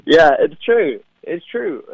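A man's voice: fairly high pitch, sing-song, slow, no room sound. A young man with an English accent, an actor chatting as an interview guest, talking freely with many fillers and laughs. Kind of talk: remote interview. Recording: tinny phone-like line, dry.

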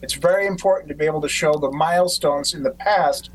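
A man hosting a podcast who tells stories in an animated way and acts out quotes. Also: a little high, fairly quick, poor audio. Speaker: podcast host. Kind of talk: casual conversation.

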